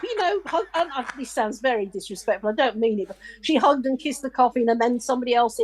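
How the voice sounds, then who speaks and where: A woman, a guest on a video call, telling stories in a lively way and acting out the people in them. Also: a little high, quick pace. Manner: lively storyteller who acts out the people in her stories. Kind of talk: casual chat, telling stories.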